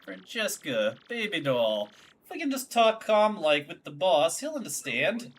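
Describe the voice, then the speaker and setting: A woman voicing a smitten young male mobster creature in a video game, speaking low and soothing. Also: very animated, unhurried, a little hiss or hum. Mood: tender.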